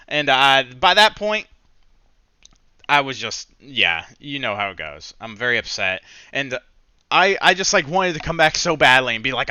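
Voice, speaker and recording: A man's voice: mid-range voice, expressive, measured pace, bright, forceful tone, smooth, no echo, lo-fi sound. A man recapping his own trading day, candid, rambling, self-critical and swearing freely as he walks through his losses. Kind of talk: casual screen-share trading recap.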